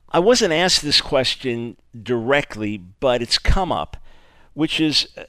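Male talk radio host, mid pitch, animated and emphatic, dry close studio mic. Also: no echo. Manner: emphatic and animated, stressing key words. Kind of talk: radio talk show monologue. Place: radio studio, audio only.

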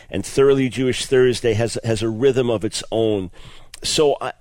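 The radio host's voice is medium in pitch and darkish, recorded with no room sound. He lectures earnestly and enthusiastically, frequently doubling words as he starts over.

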